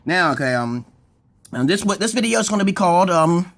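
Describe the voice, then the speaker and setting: A man with a fairly high-set voice talks to his viewers in a loose comedic monologue. He swears constantly, wanders off topic and keeps jumping up into an excited, higher tone, then chuckles. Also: brisk, gravelly. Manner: profane, digressive, often breaks into laughter; sudden jumps up into a high excited voice. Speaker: vlogger.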